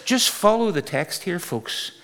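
A man's voice: high voice, sing-song, unhurried, fairly bright tone. A man preaching and leading his congregation in a large church, speaking in an earnest, conversational way with sudden exclamations. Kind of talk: sermon with congregational singing. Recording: echoey church hall.

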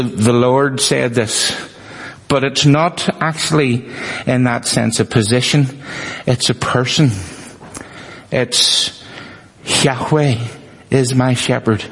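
A male preacher giving a sermon, repeating phrases for emphasis and joking with the congregation. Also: mid-range voice. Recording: long reverb of a hall.

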